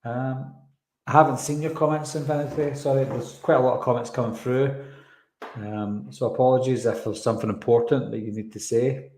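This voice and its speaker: A man hosts a live stream, casually reading viewer comments aloud and answering them in a rambling, chatty way full of fillers. His voice is medium-pitched and a little mellow, with fairly even intonation and a slightly quick pace. The recording has a roomy echo.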